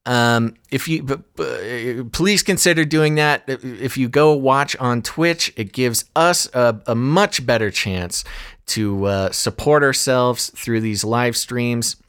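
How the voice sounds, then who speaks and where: A man co-hosting a live-streamed news talk show, chatting loosely and reading articles aloud with quick asides. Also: mid-range voice, a bit bright, smooth.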